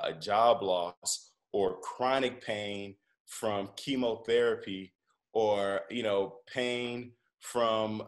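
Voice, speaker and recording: A comedian and podcast guest telling a story in easy conversation, a man who rambles a little and often restarts his sentences. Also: lowish voice. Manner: relaxed, rambling, with frequent restarts.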